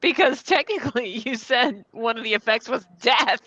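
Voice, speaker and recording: Woman, stream player, husky, slow, amused asides, dull remote audio. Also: on the high side, animated, a bit bright, dry recording. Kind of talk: casual chat.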